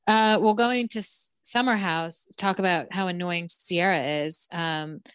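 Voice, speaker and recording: A young woman with a lower voice chats about reality TV in a relaxed, unhurried way, dotting her sentences with "like" and "um". The recording is dry and close to the mic. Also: clear, resonant tone, no room sound. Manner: relaxed, drawn-out, lots of fillers like "like" and "um". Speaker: podcast co-host. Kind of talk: casual chat about reality TV.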